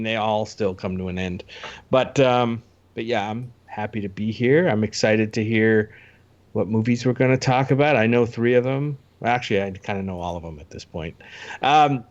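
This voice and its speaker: Male co-host, relaxed and rambling, slightly dull lo-fi recording. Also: mid-range voice, clean tone. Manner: easygoing, rambling. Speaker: podcast co-host. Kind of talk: casual podcast chat.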